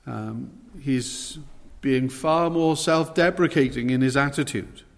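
A man preaches a sermon in an earnest, emphatic way, pushing his voice upward on the questions he quotes. His voice sits at an ordinary middle pitch. A long reverb trails after each phrase, as if he is in a large hall. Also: slow pace, creaky.

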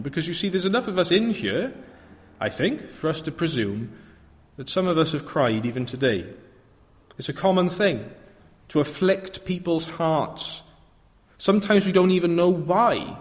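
A man preaching a sermon in a reflective manner, often turning to rhetorical questions. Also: mid-range voice. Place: church. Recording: long reverb of a church.

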